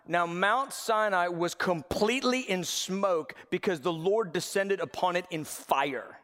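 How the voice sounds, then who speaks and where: A man preaching a sermon as pastor, telling a Bible story with animated delivery and acted-out voices and shouts. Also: high voice, a little slow, hardly any pauses, long reverb tail. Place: church sanctuary.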